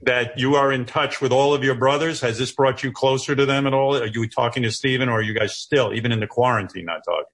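A man hosting a talk show from his home office over a video call, asking quick prying questions and teasing his guest. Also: mid-range voice, a bit bright. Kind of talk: casual interview chat.

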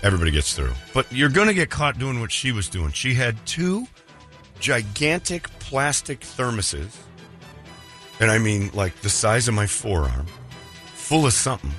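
A man chatting on a talk show in a lively, swooping voice. His tone is bright and forceful as he tells a story, and soft music plays behind him. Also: moderate pace. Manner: animated, acts out other people's lines in pitched voices. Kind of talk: casual storytelling chat.

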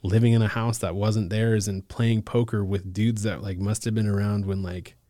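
A man from Alaska, a case manager, telling his recovery story in a relaxed, casual way, full of "like" and "bro" and quick laughs. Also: fairly low pitch, no room sound, studio quality. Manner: laid-back, lots of "like" and "bro", laughs often. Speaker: podcast guest, case manager.

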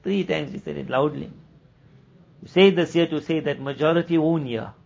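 A man delivers a sermon to a weekly gathering in a talky, explaining way. He acts out the people in his stories and rattles off scripture passages quickly. His voice sits a little high, and the recording is dull and lo-fi. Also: gravelly, darkish tone. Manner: conversational, acts out quoted dialogue; recites Arabic scripture passages rapidly. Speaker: religious teacher.

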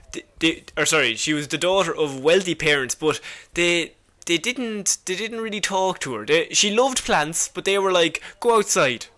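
A man's voice: on the high side, pushed and bright. A man co-hosting a podcast, explaining a comic villain's history in a casual, jokey way and laughing often. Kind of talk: casual chat.

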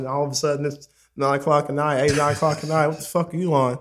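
A young man with a slightly high voice tells a story in casual chat. He rambles through it, profane and full of slang and fillers. He gets loud and laughs at the funny parts. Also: level tone, quick pace.

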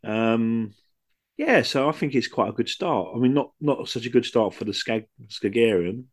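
A man co-hosting a casual podcast, modest and agreeable, speaking softly. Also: mid-range voice, lively intonation, moderate pace. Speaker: podcast co-host.

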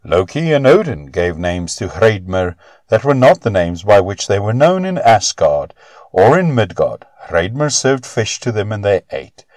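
A man narrating a myth-story aloud in an expressive, measured reading on a close mic. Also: on the low side, no room sound.

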